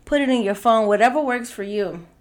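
A woman's voice: a little high, brisk, slight background noise. A woman co-hosting a podcast in casual chat, talking with emphasis and laughing often. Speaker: podcast co-host.

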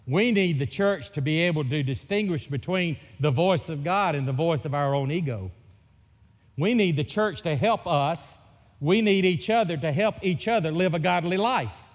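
A middle-aged Mississippi man with a Southern accent from that state preaches a sermon as folksy, joking storytelling. His voice is fairly high with lively intonation at a normal pace, and the church hall adds a long reverb.

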